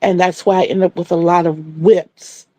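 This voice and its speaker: A woman's voice: on the low side, flat delivery, moderate pace, darkish tone, no room sound. Woman, middle-aged, crochet stream host, chatty storyteller, dry close sound. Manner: chatty, laughs often, answers viewers' comments.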